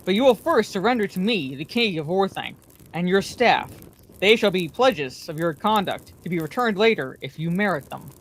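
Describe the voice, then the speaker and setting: A woman's voice: on the low side, lively intonation, normal speed. A woman reading aloud, voicing an old male wizard who speaks sternly and with authority. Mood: calm. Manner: stern and commanding.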